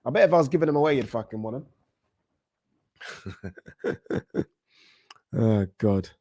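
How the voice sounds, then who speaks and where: A man's voice: mid-range voice, unhurried, dry recording. British guy on a live stream, hyped and chatty, swears a bit, dry close sound. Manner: excitable, chatty, swears casually. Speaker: boxing livestream host. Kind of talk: casual livestream chat.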